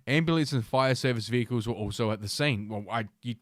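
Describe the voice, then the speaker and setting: A man's voice: medium pitch, no echo. Sarcastic man reading news, dry sound. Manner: sarcastic, halting, many filler sounds. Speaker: podcast host. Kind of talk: reading news aloud with mocking commentary.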